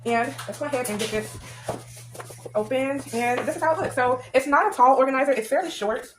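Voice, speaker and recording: A woman chatting through an unboxing vlog, excited and full of fillers. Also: high voice, fairly quick, slight background noise, rough recording. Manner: chatty, excited, many fillers, says "y'all". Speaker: vlogger.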